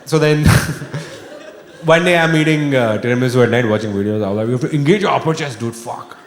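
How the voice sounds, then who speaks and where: A man in his thirties with an Indian English accent, performing a stand-up comedy set and jumping into high, shouty voices for his friends. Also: brisk. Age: 30s. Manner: animated, acts out friends in sudden high-pitched bursts. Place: large venue with live audience. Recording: echoey hall with audience noise.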